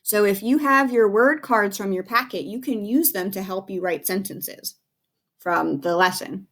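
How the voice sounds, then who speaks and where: In this recorded phonics lesson, a woman who teaches second grade coaches young children patiently and encouragingly. Her speech is clear and deliberate, medium in pitch with a fairly bright tone.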